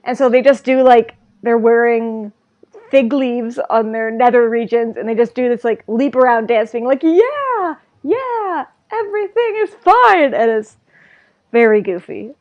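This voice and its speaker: Chatty woman podcast cohost, kinda high voice, retelling scenes all excited. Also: moderate pace, lo-fi sound. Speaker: podcast co-host. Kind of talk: casual anime discussion.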